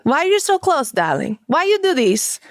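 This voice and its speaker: A woman's voice: sits high, sing-song, normal speed, no room sound, clean studio sound. A woman voicing a stern, scolding Russian woman character with a heavy Russian accent, speaking in clipped lines.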